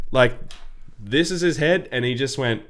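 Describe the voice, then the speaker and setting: A man, co-hosting a casual podcast and telling rambling, animated stories. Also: mid-range voice, background noise. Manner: rambling storyteller, animated when annoyed. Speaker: podcast co-host. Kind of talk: casual chat.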